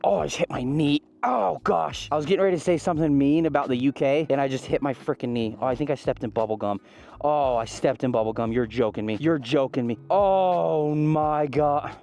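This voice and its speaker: A young man vlogging outdoors while riding an e-bike up a mountain road, talking to a helmet camera in an excitable, exclamatory, chatty way. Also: on the high side, a little fast, gravelly.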